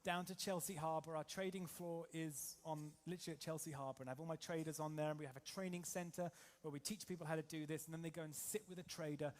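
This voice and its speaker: A man from England coaching a live seminar crowd, talking very fast in a slightly high voice. He is punchy and energetic, pushing the room with rhetorical questions and quick asides. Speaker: trading coach and seminar speaker. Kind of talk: motivational seminar talk to a live audience.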